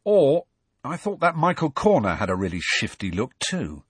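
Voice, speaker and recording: A man voicing an excitable, blunt teenage schoolboy in an audiobook reading, with blurting, indignant delivery. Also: medium pitch, normal speed, breathy edge, dry recording, voice pushed up. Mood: eager, indignant.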